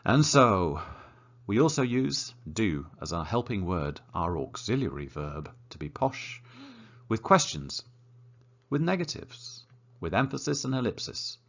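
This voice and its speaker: A man teaching an English grammar lesson, encouraging and lively, slowing down to model example sentences. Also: fairly low pitch, highs cut off.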